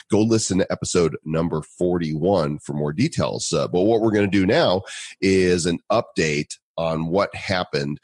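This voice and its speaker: Deep husky podcast co-host. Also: male voice, no echo. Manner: joking, self-deprecating. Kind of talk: casual podcast chat.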